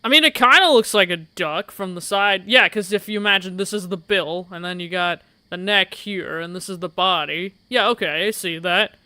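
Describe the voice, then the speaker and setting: A man hosting a game playthrough, reading the game text aloud and joking around in a playful, excitable way. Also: sits high, moderate pace, few pauses, clean tone, no room sound. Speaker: gaming channel host. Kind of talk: let's play commentary, reading game text.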